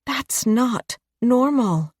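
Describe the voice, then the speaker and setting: A woman voicing a stern, anxious mother with a sharp, scolding manner in an audiobook. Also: a little high, lively intonation, very slow, no room sound, studio quality, pitched above the performer's own voice, heavily acted. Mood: exasperated.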